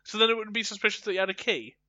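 A man's voice: high-pitched, lively intonation, racing, bright, forceful tone, dry recording, dull audio. A man in casual banter, chiming in with dry, quippy remarks on a friend's story. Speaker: listener joining in the story.

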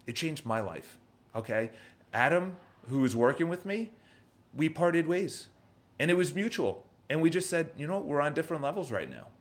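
A man in his thirties with a New York accent runs a casual motivational livestream, his fairly high voice swinging widely in pitch at a normal speed. He's emphatic and repetitive, leaning heavily on rhetorical questions.

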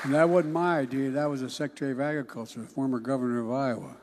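An older man giving a political speech in a folksy, emphatic way, often dropping into hushed asides. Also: mid-range voice, fairly even intonation, fast, heavy background noise. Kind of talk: political campaign-style speech.

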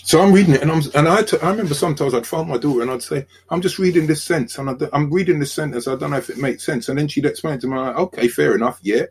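An older man with a South London accent, a sociologist guest on a podcast, telling lively stories and acting out quoted dialogue. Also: fairly high pitch, rapid-fire, few pauses, slightly rough. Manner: animated storyteller, acts out quoted dialogue. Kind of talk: conversational podcast interview.

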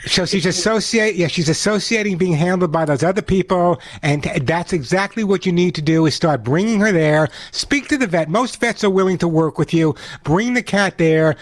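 A man hosting a call-in pet advice radio show, talking in a chatty, energetic way and giving out the phone number slowly. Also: sits high.

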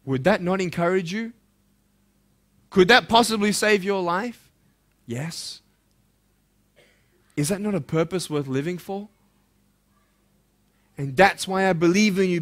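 Guy giving a fired-up pep talk to students, bright ringing voice, sits a bit high, goes from loud to almost a hush. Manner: impassioned, swinging between loud urging and hushed intensity; direct rhetorical questions to listeners. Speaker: motivational speaker. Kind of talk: motivational speech to a school audience.

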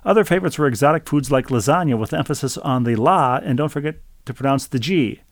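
A man's voice: mid-range voice, expressive, fast, dry recording, clean studio sound. A man co-hosting a podcast, reading listener mail aloud in a casual, joking way, often stumbling over repeated words. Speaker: podcast co-host.

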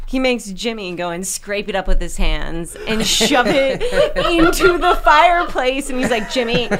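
A woman's voice: a little high, lively intonation, crowd noise. A woman guest on a comedy podcast improvising a silly story, giggling as she goes. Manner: giggly, slow and drawn out. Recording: noticeable background noise.

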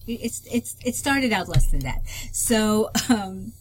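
Animated woman co-host telling stories. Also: mid-range voice, takes it slowly, faint music behind. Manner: animated storyteller, chimes in to finish thoughts. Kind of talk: conversational relationship advice show.

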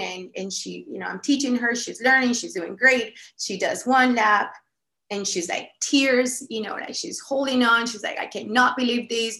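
Kobieta, swobodna opowieść, dość wysoki głos, pogłos pomieszczenia. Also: female voice, on the high side. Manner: animated storytelling with frequent "like" fillers. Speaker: podcast guest. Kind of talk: casual storytelling. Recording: echoey room.

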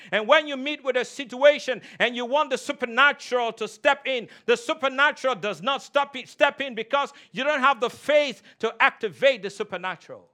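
A pastor preaching with a high, bright, forceful voice. He drives his points home by repeating key lines and slowing down on them. He calls out for the congregation to answer him. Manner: emphatic preaching with call-and-response; repeats key phrases, slows for emphasis. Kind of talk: sermon.

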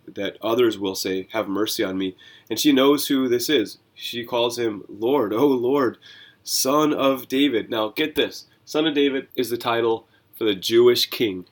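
On his Bible reading podcast, a pastor with a mid-range voice talks through scripture animatedly and conversationally, asking rhetorical questions along the way.

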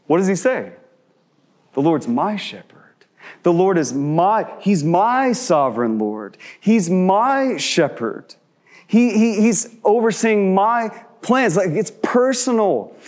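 A male pastor preaching in a relaxed, conversational style with a slightly higher voice than most men. He fires rhetorical questions at his listeners and slows right down to a quiet hush when he wants a point to land. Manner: shifts between quick asides and slow, hushed emphasis. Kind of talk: sermon.

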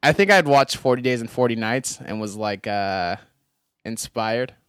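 A man's voice: medium pitch, unhurried, fairly bright tone, smooth, no room sound, studio quality. A man co-hosting a podcast, chatting casually and joking with an easygoing manner. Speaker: podcast co-host. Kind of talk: casual chat.

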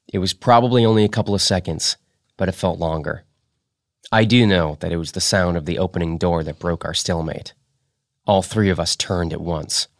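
A man hosting a podcast, reading fiction aloud in a steady, measured way. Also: deep voice, dry recording, clean studio sound. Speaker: podcast host.

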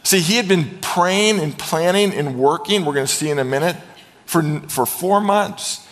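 A middle-aged man preaching a sermon as a pastor, telling stories with lively animation and acting out quoted voices. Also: a little high, a little slow, in a large hall.

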